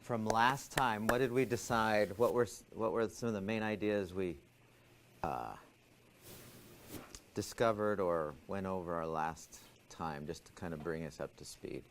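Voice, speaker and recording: A man's voice: deep voice, unhurried, slight background noise. A man teaching a class, asking students questions and explaining ideas step by step. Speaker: instructor.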